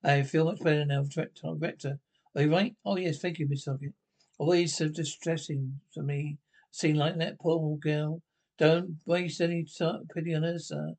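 A man with a gravelly voice speaking fussy, flustered dialogue in a 1970s period film comedy. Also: on the high side, steady tone, normal speed, a little mellow.

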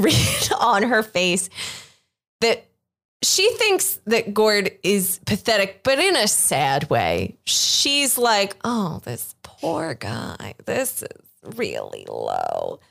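Running a tabletop game as game master, a woman with a mid-range voice narrates in a relaxed, halting manner, using many filler words.

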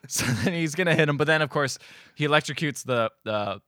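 A man co-hosting a podcast, retelling a movie plot in casual chat, slipping into quick character voices, laughing and swearing. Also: on the high side, bright, forceful tone, clean tone, dry recording, studio quality. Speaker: podcast co-host.

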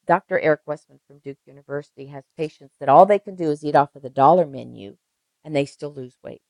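A woman's voice: deep voice, quick pace, no room sound, dull audio. An older woman, a registered nurse, telling stories emphatically in an interview and repeating phrases for effect. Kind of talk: conversational interview.

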